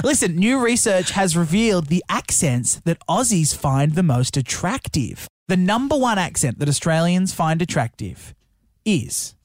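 Guy radio cohost, really high voice, cheeky banter. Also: big pitch swings, a little slow, no echo, clean studio sound. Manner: playful, cheeky, presenting. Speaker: radio co-host.

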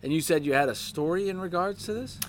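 A man's voice: sits high, fast talker. A man hosting a casual conversation, encouraging and following up with questions. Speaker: host. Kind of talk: casual podcast chat.

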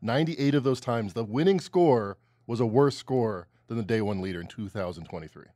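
A man co-hosting a sports betting show, matter-of-fact and quick to quote statistics. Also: mid-range voice, animated, mellow, dry recording, clean studio sound. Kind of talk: casual sports chat.

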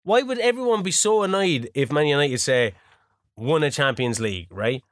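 Irish co-host, young man, heckling banter, sweary, slightly higher voice, dry close mic. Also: animated, moderate pace, a bit bright, no room sound. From Ireland. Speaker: podcast co-host. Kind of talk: casual banter.

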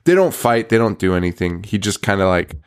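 A man's voice: lowish voice, very animated, a little fast, clear, resonant tone. A man hosting a podcast, recapping a movie plot in casual chat, rambling, laughing often and swearing freely. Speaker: podcast host.

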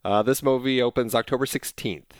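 A man's voice: medium pitch, brisk, no echo. A man co-hosting a film podcast, talking thoughtfully with some hesitation. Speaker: podcast co-host. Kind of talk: casual film discussion.

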